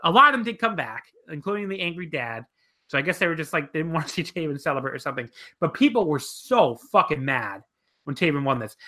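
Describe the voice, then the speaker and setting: A man's voice: fairly high pitch, pushed and bright. A man in casual podcast chat, telling a profane story and laughing often as he talks. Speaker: wrestling podcast speaker.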